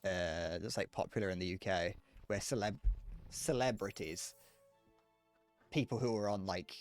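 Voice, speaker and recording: A young streamer with a Northern Irish accent talks casually with viewers while gaming, rambling and amused by his own jokes. His voice is low and a little slow, with soft background music.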